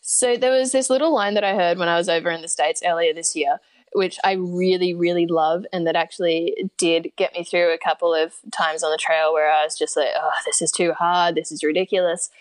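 A woman's voice: fairly low pitch, fairly even intonation, a little fast, no room sound. An upbeat, enthusiastic woman with an Australian accent, chatting casually as a podcast guest. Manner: upbeat, enthusiastic, laughs easily. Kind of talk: casual interview chat.

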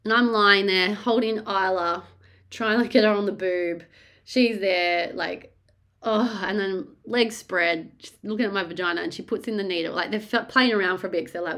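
A woman's voice: mid-range voice, fairly even intonation, a little fast, fairly bright tone. Woman podcast host, candid storyteller, rambling and foul-mouthed, mid-range voice. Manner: rambling, blunt, swears freely.

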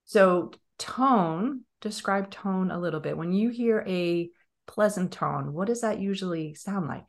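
A woman with a Long Island accent hosts a podcast in a somewhat low voice. She talks conversationally and asks the guest questions. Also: animated, measured pace, vocal fry. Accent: Long Island New York. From Long Island, New York. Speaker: podcast host. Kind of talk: podcast interview.

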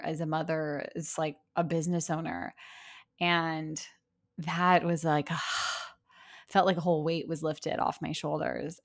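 A young woman speaks in a casual, reflective solo talk, earnest and chatty. Her voice sits slightly low for a woman, and she fills her sentences with "like" as she thinks aloud. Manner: chatty, earnest, many "like" fillers. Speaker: podcast host and business owner.

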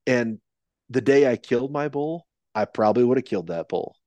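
A man's voice: medium pitch, lively intonation, a little fast, a little mellow, no echo. A man telling a long story in casual podcast conversation, rambling with many restarts and fillers. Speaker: podcast guest, elk hunter.

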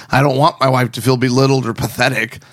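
A man co-hosting a casual talk show, telling stories and giving advice to husbands in a sarcastic, animated way. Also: mid-range voice, fairly quick, no room sound, studio quality. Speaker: podcast co-host.

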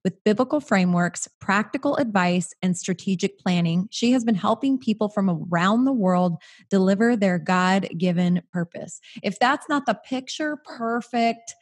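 An American woman hosting a podcast, enthusiastic and gushing, with quick asides. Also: mid-range voice, animated, breathy edge. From United States. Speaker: podcast host. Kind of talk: podcast intro and interview.

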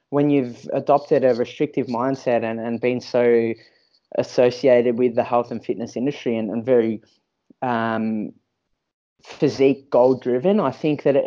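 A man's voice: mid-range voice, warm tone, dull audio. A man, a fitness professional, speaking as a podcast guest and sharing a personal story candidly, often restarting and repeating words.

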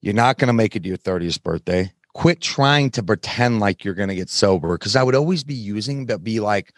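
A man as a podcast guest, telling his story candidly in plain, frank words with halting restarts. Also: fairly low pitch, animated, no echo, clean studio sound. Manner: frank, plain-spoken, occasional swearing; halting, many fillers and restarts while recounting.

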